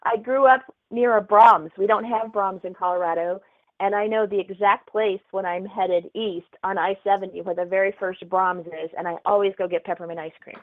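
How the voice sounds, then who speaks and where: A woman's voice: medium pitch, fairly even intonation, moderate pace, dry recording. Chatty Oklahoma woman on a tinny call line. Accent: Oklahoma Southern. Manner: chatty, laughs easily. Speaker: guest author. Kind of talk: casual interview chat.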